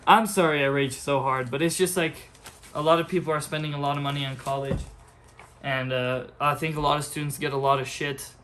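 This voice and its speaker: A man's voice: mid-range voice, fairly bright tone, a little hiss or hum. A young adult man, not a native English speaker, giving an angry, profane ranting monologue as a college student vlogger.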